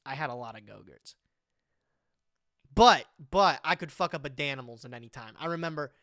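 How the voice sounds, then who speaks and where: A streamer in their twenties chats on a live stream in a lively, casual way, full of slang and frequent "bro"s, reading web text aloud and commenting on it. The voice sits at medium pitch, and the recording is studio quality with no room sound.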